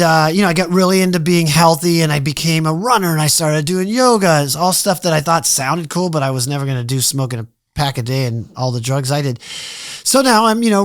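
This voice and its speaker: A middle-aged man, a podcast guest, telling his story in a casual, animated way, acting out his past thoughts and swearing freely. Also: a little high, no echo, studio quality.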